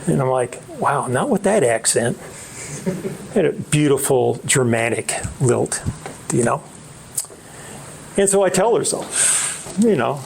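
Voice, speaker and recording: A middle-aged man tells a family story at a slow, unhurried pace, with a gravelly edge to his voice. He speaks haltingly and often restarts his sentences. A faint hiss sits under the recording. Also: medium pitch, expressive, a little mellow. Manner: halting, many restarts and fillers. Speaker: author. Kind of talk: storytelling book talk.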